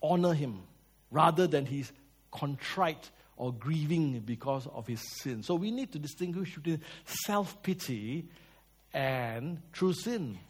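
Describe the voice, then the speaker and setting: A man preaches. His voice sits a little high for a man. He tells lively stories, swings between loud and soft, and asks his listeners questions. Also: slow, slight background noise. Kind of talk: sermon.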